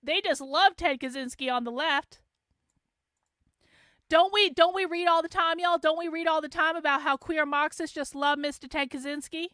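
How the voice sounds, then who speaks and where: A woman's voice: high-pitched, steady tone, normal speed, bright, forceful tone, dry recording, studio quality. A woman hosting a livestream, talking sarcastically and profanely to her chat. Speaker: host. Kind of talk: livestream commentary.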